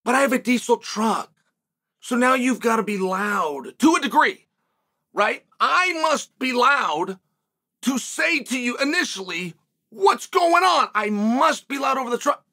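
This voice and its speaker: A middle-aged man hosting his own show, telling a story in a casual studio monologue and acting out the shouting he heard. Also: very high voice, a little slow. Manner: animated, acts out shouted quotes. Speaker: show host.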